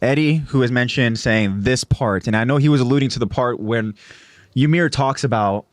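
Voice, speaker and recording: Male podcast host, casual chatty recap, mid pitch, dry close mic. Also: normal speed, no room sound. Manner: chatty, self-correcting, asks "right?". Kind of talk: casual chat, recapping an anime episode.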